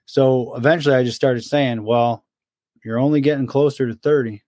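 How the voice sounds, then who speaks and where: A man's voice: mid-range voice, brisk, dry recording. A storytelling man on a dry mic. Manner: animated storyteller, mimics his friend's complaints. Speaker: podcast co-host. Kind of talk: casual storytelling chat.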